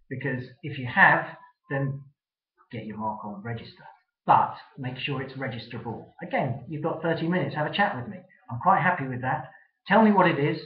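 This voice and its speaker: A man with a slightly higher voice gives brisk, direct trademark advice as an interview guest. The room is echoey and the sound is dull.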